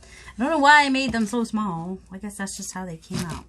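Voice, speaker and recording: A woman chats away to her viewers as she works on a craft, wandering off topic and poking fun at herself. Her voice sits at an ordinary middle pitch, and a faint hiss runs under it, broken by small clicks. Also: animated, normal speed, sharp tone, low-quality recording. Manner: rambling, self-mocking, talks to viewers while working. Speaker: craft vlogger. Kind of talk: casual chatty crafting vlog.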